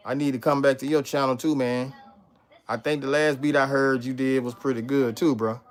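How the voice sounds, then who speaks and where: A man's voice: mid-range voice, animated, normal speed. A man hosting a casual livestream, chatting loosely with viewers and reading out their comments. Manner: laid-back, chatty, reads out chat and answers viewers. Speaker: livestream host.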